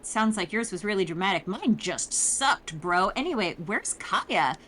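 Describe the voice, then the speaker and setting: A woman voicing a blunt, sarcastic young woman adventurer who speaks in a crude, deadpan way, quoted casually in a game recap. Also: medium pitch, a little slow, slight background noise.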